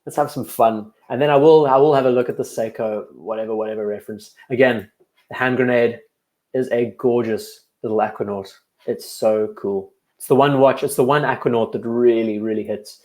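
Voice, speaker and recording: A young man whose accent mixes South African and English talks in a relaxed, rambling way as he reads out viewer comments. His voice sits at an ordinary middle pitch. He is recorded in an echoey room at home. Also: moderate pace. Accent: blend of South African and English. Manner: relaxed, rambling, answers chat questions between watch remarks. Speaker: watch channel host on a live stream. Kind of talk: casual live-stream chat, reading viewer comments.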